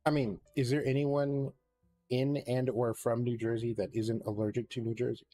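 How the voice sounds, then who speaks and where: A man's voice: mid-range voice, little pitch movement, moderate pace, warm tone, soft background music. A man chatting casually as host, rambling with wry, hesitant asides. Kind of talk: casual chat.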